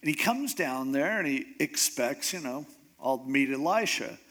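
A man's voice: mid-range voice, animated, a little slow, fairly bright tone. A man preaching a sermon, retelling a scripture story in a casual, conversational way and acting out the characters' voices. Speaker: pastor.

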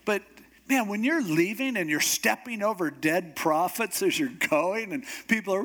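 A man's voice: sits high, moderate pace. A man preaching a sermon as a pastor, telling a story with humor and acting out the characters' voices. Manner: animated, acts out voices of characters; humorous asides.

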